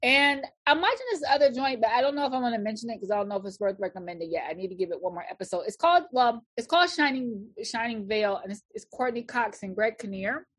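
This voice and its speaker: A woman with a fairly high voice chats casually. She speaks bluntly and keeps the talk going. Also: lively intonation, quick pace, few pauses, breathy edge. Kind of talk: casual chat.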